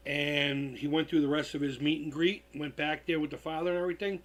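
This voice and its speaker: A man's voice: a little high, fast talker, fairly bright tone. A tired man hosting a live stream, telling stories in a loose, profane, casual way. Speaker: livestream host.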